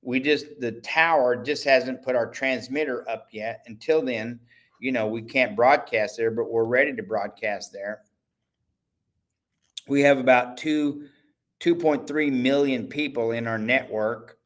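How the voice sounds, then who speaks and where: A man's voice: mid-range voice, a little slow, a bit bright. A man hosting his own livestream, talking casually and selling his services in a rambling, chatty way, often stopping to correct himself. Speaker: host and network owner.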